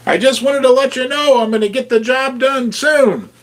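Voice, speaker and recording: A man voicing a sly, mischievous stuffed toy bear in a hushed, sneaky manner. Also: extremely high pitch, normal speed, voice pushed up.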